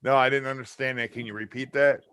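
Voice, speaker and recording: A man trading sarcastic, needling jabs in a heated live-stream argument, staying calm and unbothered. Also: medium pitch, quick pace, smooth, dry recording, clean studio sound.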